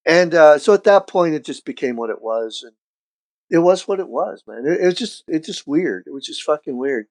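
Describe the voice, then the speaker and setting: A middle-aged man, a street artist guest on a podcast, telling stories in a casual, profane, animated way and acting out what people said. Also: a little high, moderate pace. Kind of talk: casual storytelling chat.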